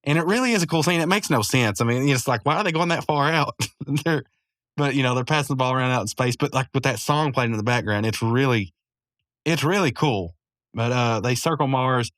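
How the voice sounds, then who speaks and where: A man's voice: mid-range voice, fairly quick, a bit bright, no echo, studio quality. A man recapping a cartoon episode in a rambling, casual way, chuckling often and full of fillers. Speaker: podcast host.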